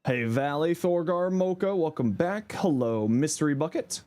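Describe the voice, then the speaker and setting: A playful, sleepy-sounding man with a slightly hoarse voice, pitched a little high and swinging lively up and down as he chats. His laid-back live-stream banter greets viewers one by one. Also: moderate pace. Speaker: game streamer. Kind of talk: casual live-stream chat.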